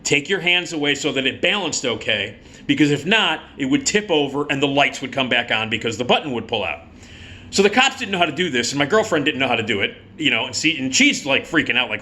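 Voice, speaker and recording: A middle-aged man casually telling a personal story, animated and swearing freely, acting out the people in it. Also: mid-range voice, fast. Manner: animated, acts out the cop and himself in quoted voices.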